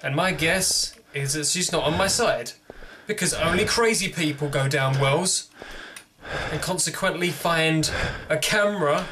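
A man's voice: on the high side, background noise. A young man commenting on a horror game as he plays, jumpy and joking to himself. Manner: jumpy, jokey, talking to himself. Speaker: gaming video host.

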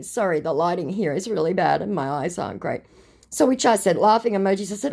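A woman's voice: on the low side, lively intonation, fairly quick, vocal fry, darkish tone, husky. An Australian woman hosting a scam-baiting video, retelling a chat in a sarcastic, mocking way. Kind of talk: recounting a chat.

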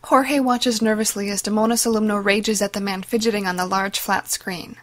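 A woman giving dramatic, measured scripted narration of a story. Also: medium pitch, steady tone, fairly bright tone. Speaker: audiobook narrator.

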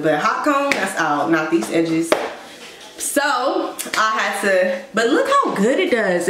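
A woman's voice: mid-range voice, roomy sound, background noise. A young woman from Los Angeles with an LA accent, chatting casually to camera in a vlog and calling her viewers y'all. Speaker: vlogger.

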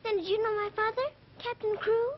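Very high-voiced polite girl, old film. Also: fairly even intonation, a little fast, slight background noise. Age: young. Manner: polite, earnest, eager. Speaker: little girl lead in a film. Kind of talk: 1930s film acting. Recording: dull old film soundtrack.

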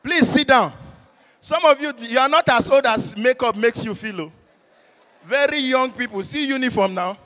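Loud Nigerian church comedian. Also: male voice, very high voice, normal speed. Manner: loud call-and-response, rowdy and teasing. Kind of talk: stand-up comedy at a church service. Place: large church hall. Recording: echoey hall with long reverb.

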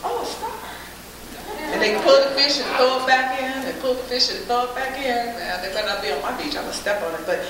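A woman giving a faith-based public speech, preacherly, building to loud emphatic peaks, recorded from a distant mic in a very echoey hall with faint hiss. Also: high voice, animated, brisk. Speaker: guest speaker.

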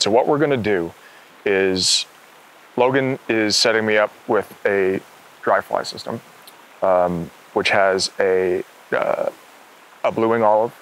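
A man's voice: low-pitched, a little slow, poor audio. A middle-aged man hosting an outdoor fishing show, talking with enthusiasm on a river. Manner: enthusiastic, excitable.

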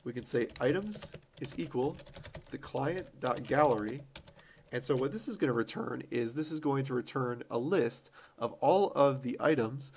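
A man hosting a screen-recorded programming tutorial, relaxed and thinking aloud with fillers as he types code. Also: mid-range voice, husky.

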